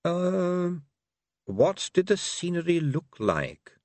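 A man doing a slow, cool-headed ruler. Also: high-pitched, very animated, darkish tone, dry recording, pitched above the performer's own voice, heavily acted. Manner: slow, measured and dry. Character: cool calculating male city ruler.

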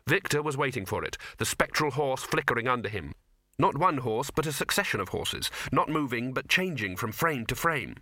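A man's voice: medium pitch, expressive, normal speed, bright, forceful tone, dry recording. A man reading a comic fantasy novel aloud as an audiobook narrator, in a dry, storytelling manner. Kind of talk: scripted narration.

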